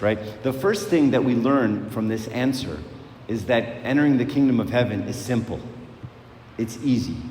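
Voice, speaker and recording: A man's voice: medium pitch, darkish tone. A man preaching a sermon in a conversational way, repeating words and asking rhetorical questions. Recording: echoey hall, faint noise.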